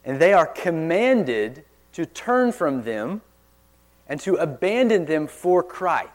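Earnest male preacher with forceful emphasis. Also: fairly high pitch, sing-song, slow. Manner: earnest, forceful emphasis with sudden quiet drops. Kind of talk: sermon. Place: church.

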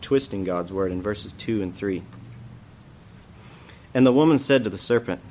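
A man's voice: fairly low pitch, normal speed, a little mellow, a little hiss or hum. A man teaching an adult church Bible class, explaining a passage in a thoughtful way and often asking questions aloud.

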